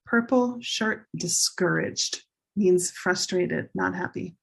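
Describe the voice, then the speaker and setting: A woman teacher slowly and carefully drilling English pronunciation in a recorded lesson. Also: fairly low pitch, vocal fry, husky. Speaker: ESL teacher.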